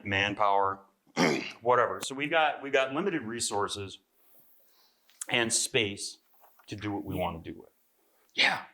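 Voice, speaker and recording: A man's voice: on the low side, bright, forceful tone, slight background noise. A man, a magazine editor, giving a live seminar talk to an audience, chatty and often checking in with "right?". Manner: conversational, frequent "right?" to the audience, clears throat. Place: convention seminar room.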